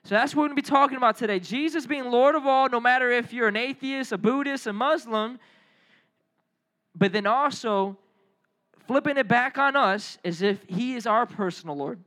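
A man preaching a sermon as a youth pastor, telling lively stories and calling on the crowd to respond. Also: very high-pitched, moderate pace.

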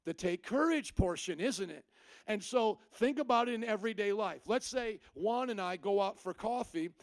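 A man's voice: high-pitched, expressive, moderate pace, no room sound. A male pastor preaching a sermon. He quizzes the congregation with call-and-response questions and explains his points through everyday examples.

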